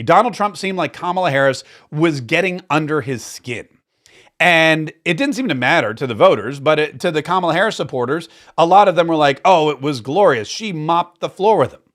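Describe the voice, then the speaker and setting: Brief: male commentary host, higher-than-average voice, loose rambling delivery with sarcastic asides. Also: a bit bright. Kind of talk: casual political commentary.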